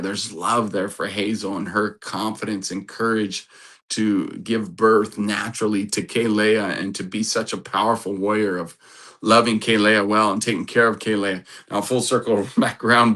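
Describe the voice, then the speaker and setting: Middle-aged male relationship coach, earnest and rambling, slightly low pitch, forceful bright tone. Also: level tone, moderate pace. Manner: earnest, rambling, with restarts and laughs. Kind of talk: motivational talk to camera.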